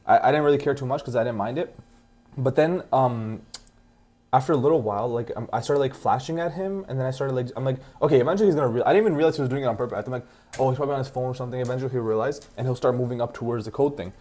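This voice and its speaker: A man's voice: medium pitch, quick pace, warm tone. A young man co-hosting a podcast, rambling through a story in casual chat, full of "like". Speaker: podcast co-host.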